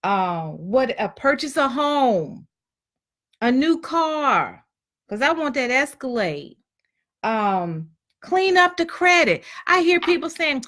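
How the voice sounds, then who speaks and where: A woman delivers a blunt, preachy motivational talk aimed at women, acting out the complaints she hears from people. Her voice is high with big pitch swings, and she takes it slowly.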